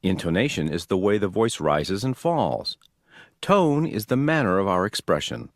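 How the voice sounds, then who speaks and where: A man giving scripted textbook narration in a slow, demonstrative teaching manner. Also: low-pitched, big pitch swings, dry recording, clean studio sound.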